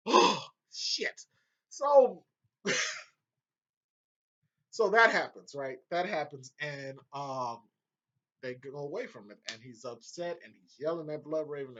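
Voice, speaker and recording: A man recapping a TV episode in a casual, excitable way, swearing often and breaking into laughter. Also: medium pitch. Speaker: video reviewer. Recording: dull lo-fi home audio.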